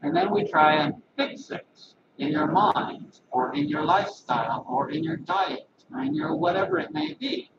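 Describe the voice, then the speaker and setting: A man hosting a casual live-stream monologue as a holistic health practitioner, chatty and animated, laughing at his own jokes. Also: a little high, moderate pace, hardly any pauses, muffled recording, heavy background noise.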